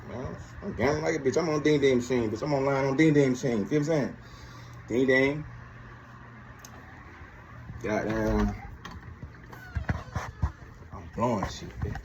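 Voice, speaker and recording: A man's voice: mid-range voice, a little hiss or hum, rough recording. A man from Georgia, telling his story casually and profanely, acting out both sides of each conversation. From Georgia, USA.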